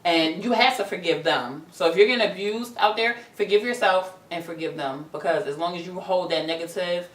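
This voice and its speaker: A woman's voice: fairly low pitch, brisk, few pauses. A young adult woman co-hosting a talk show, talking frankly and profanely about hard personal experience in casual chat. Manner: blunt, profane, outspoken. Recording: roomy echo, mic far off.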